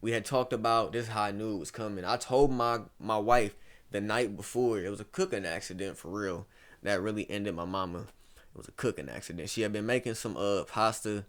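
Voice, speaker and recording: A young man in his twenties from Ohio, a guest in a casual interview, rambling through stories and saying "bro" a lot. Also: fairly low pitch. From Ohio, USA. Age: 20s. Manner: rambling storytelling, peppered with "bro".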